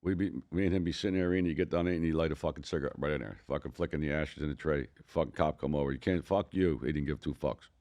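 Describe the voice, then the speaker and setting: A man's voice: extremely low pitch, rapid-fire, hardly any pauses. An older man with a Philadelphia accent, telling rambling, profane stories as a podcast co-host. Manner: profane, rambling, animated storytelling. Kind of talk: casual storytelling.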